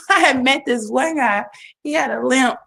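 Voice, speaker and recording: A woman's voice: high-pitched, a little slow, vocal fry, a bit bright. A woman in her forties telling a rambling story with frequent giggles, in a casual chat.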